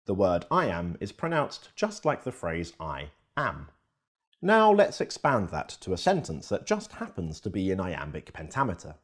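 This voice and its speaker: Lively, husky-voiced male narrator. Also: fairly low pitch. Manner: lively storytelling delivery. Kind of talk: scripted educational narration.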